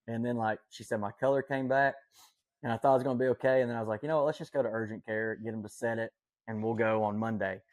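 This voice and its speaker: A man's voice: mid-range voice, fairly even intonation, fast. A man telling a personal story as a podcast guest, earnest and rambling, with many fillers and self-corrections. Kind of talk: casual storytelling.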